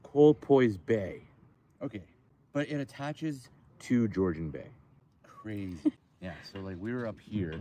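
A man hosting a casual outdoor live stream by a lake, joking and rambling in an animated way. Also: lowish voice, a little slow.

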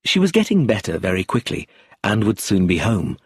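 A man's voice: fairly low pitch, sing-song, brisk, slightly rough, no echo, clean studio sound. A man narrating an audiobook in the first person, telling the story expressively.

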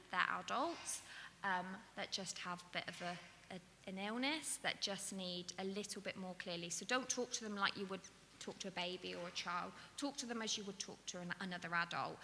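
Woman, dementia care trainer, patient explaining, bright voice, reverberant hall, faint hiss. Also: lowish voice, normal speed. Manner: patient, explanatory, with many ums and "so". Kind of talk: awareness talk to an audience. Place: event hall.

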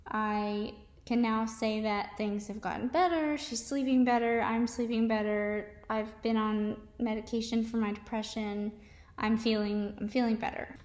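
A young adult woman, a mom vlogger, speaking candidly and haltingly about her own experience, with many restarts and fillers. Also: on the high side, fairly even intonation, a little mellow, echoey room. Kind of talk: candid personal testimony.

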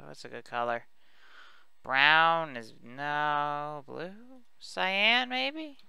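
A man with a very bright, crisp voice and a gravelly edge, chatting casually over his gameplay. He rambles and pokes fun at himself as he goes. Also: a little high, expressive, very slow, dry recording. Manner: rambling, chatty, self-mocking. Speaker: let's play host.

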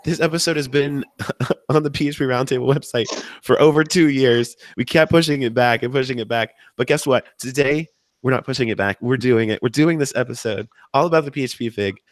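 A man hosting a live podcast, hoarse and deep-voiced from a cold, chatty and upbeat as he wanders off topic. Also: brisk, no echo. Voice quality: deep from sickness. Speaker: podcast host.

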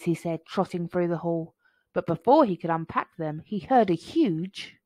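A woman reading a children's picture book aloud in a slow, playful and expressive way. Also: mid-range voice, no room sound. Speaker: storybook reader.

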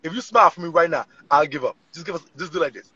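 A man in a live-stream roast battle, brash and profane, shouting insults. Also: fairly high pitch, animated, racing, dull audio, background noise.

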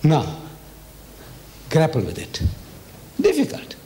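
A man's voice: on the high side, huge pitch swings, slow, mellow, a little hiss or hum. A man from Africa, giving a religious lecture in a hall and pressing the audience with rhetorical questions. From South Africa. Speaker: Islamic lecturer.

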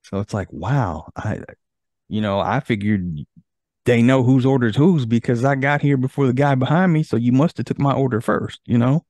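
A man's voice: medium pitch, normal speed, darkish tone, no room sound, clean studio sound. A man hosting a podcast in casual chat, easygoing and reading from an article. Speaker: podcast host.

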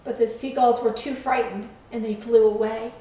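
A woman in a church setting reading a children's story aloud in a slow, expressive, kid-friendly way. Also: fairly high pitch. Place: church room. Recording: echoey room, far from mic.

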